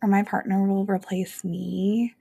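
A woman co-hosting a podcast in casual chat, animated and joking, with frequent swearing. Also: medium pitch, measured pace, vocal fry, slightly rough. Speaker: podcast co-host.

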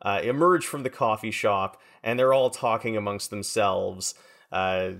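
A man narrating a tabletop game as game master in a relaxed, descriptive way. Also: on the low side, unhurried.

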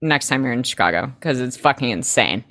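A young woman co-hosting a podcast, chatting in a laid-back way and telling quick anecdotes with casual swearing. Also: a bass voice, lively intonation, fairly bright tone, dry recording, clean studio sound. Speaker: podcast co-host. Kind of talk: casual chat.

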